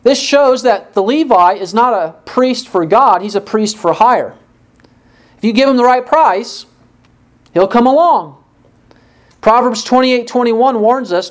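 A woman preaching an expository sermon, asking her listeners rhetorical questions and pausing for emphasis. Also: fairly high pitch.

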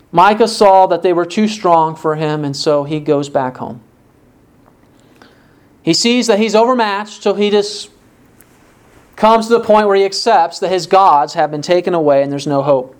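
A man's voice: fairly even intonation, measured pace, long pauses, clear, resonant tone. Man preaching with rhetorical questions. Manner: rhetorical questions, reads scripture aloud; pitch rises sharply for emphasis. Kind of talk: sermon.

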